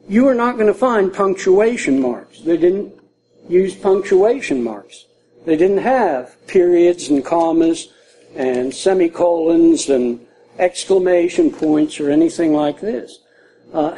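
A man's voice: sits high, warm tone, slight background noise, rough recording. An older man preaching a conversational sermon to a congregation in a church, repeating key phrases for emphasis. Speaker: pastor.

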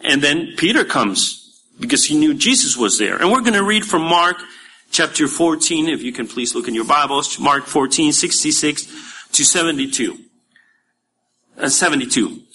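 A man, a pastor preaching a sermon in a church, emphatic at times and dropping to quiet asides. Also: fairly high pitch, expressive, moderate pace.

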